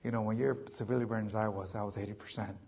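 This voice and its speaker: A man's voice: on the low side, steady tone, racing, vocal fry, darkish tone, husky. A man in his forties telling his own survival story to an audience in a loose, joking way, full of fillers. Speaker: veteran speaker.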